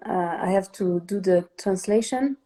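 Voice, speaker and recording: A woman with a French accent, a native French speaker, answering in halting English with many pauses and fillers. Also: medium pitch, mellow. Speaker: guest, younger sister. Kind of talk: emotional interview answers.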